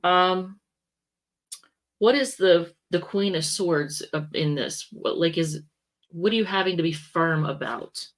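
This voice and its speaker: A woman's voice: fairly low pitch, takes it slowly. A woman giving a casual, rambling tarot reading, often stopping to correct herself. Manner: rambling, self-correcting, chatty asides. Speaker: tarot reader.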